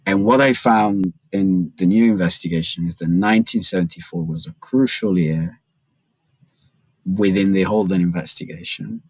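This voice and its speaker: A man, a journalist and author, telling a story as a podcast guest in an animated, chatty way. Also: deep voice, moderate pace, vocal fry, no room sound, rough recording.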